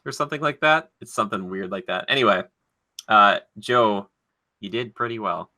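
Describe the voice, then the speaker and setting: Young male podcast host with a very bright, sharp tone and an animated, joking delivery. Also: lowish voice, normal speed. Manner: animated, laughing, playfully acting out movie quotes. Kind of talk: casual chat, running a movie quote quiz.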